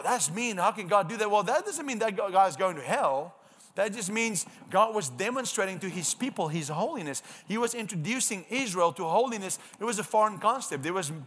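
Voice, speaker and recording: Man, high voice, preaching, emphatic sermon, rhetorical questions, stumbles and repeats words. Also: a bit bright.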